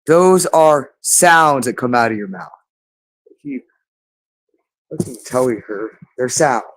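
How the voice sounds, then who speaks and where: A man's voice: mid-range voice, animated, unhurried, long pauses. A man delivering a rambling monologue, insistent and repetitive, stretching out words for emphasis.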